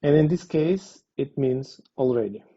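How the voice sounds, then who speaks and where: Male teacher, mellow and slow, halting with fillers, dull lo-fi recording. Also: mid-range voice, lively intonation, slightly rough. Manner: deliberate, pausing with many fillers. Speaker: language teacher. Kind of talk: slow explanatory lesson. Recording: dull lo-fi sound.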